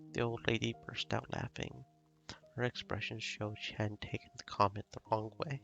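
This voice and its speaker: A man reading a visual novel aloud as a live stream, in measured, steady storytelling. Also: lowish voice, vocal fry, muffled recording, faint music behind.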